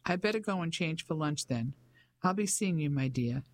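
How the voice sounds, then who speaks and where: A woman's voice: sits low, expressive, moderate pace. A woman voicing a pompous old English colonel, clipped and blustery.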